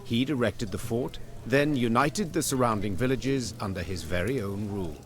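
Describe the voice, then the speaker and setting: A man narrating a fantasy game story in a measured, storybook style. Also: medium pitch, lively intonation, lightly acted. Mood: storytelling.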